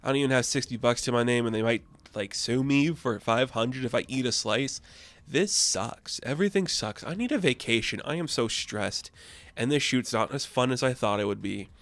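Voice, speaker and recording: A man's voice: medium pitch, moderate pace, a bit bright, dry recording, lightly acted. A stressed young pin-up model woman, voiced by a man in his everyday register, sighing through her complaints. She talks in a loose, exasperated way. The sound is dry and close. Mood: annoyed. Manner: exasperated, casual.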